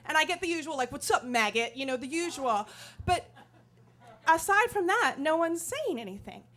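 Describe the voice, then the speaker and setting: A woman comedian telling a self-deprecating story on stage in an animated, comic way. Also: high voice, moderate pace. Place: live storytelling stage before an audience.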